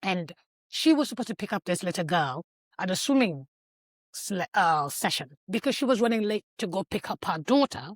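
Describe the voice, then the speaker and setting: A woman telling a personal story on a podcast, animated and emotional, acting out the scenes she describes. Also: mid-range voice, normal speed, no room sound. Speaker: podcast guest. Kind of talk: casual podcast chat.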